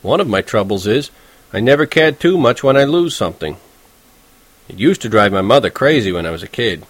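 A man's voice: medium pitch, expressive, fairly quick, slightly rough, no echo. A man narrating a novel in the first person, in a conversational, wry and self-deprecating way. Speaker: audiobook narrator.

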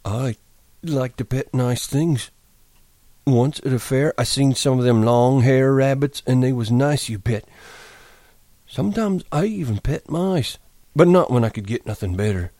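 A man voicing a slow, simple-minded giant farmhand, childlike and pleading, in a dry, close recording. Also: medium pitch, warm tone, no room sound, voice pushed up, natural voice. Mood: earnest.

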